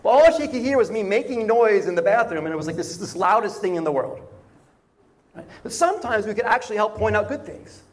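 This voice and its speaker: Guy giving a chatty sermon, kinda high voice, keeps saying right? and doubling up words. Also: expressive, brisk. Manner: conversational, frequent "right?" and repeated words. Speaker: pastor.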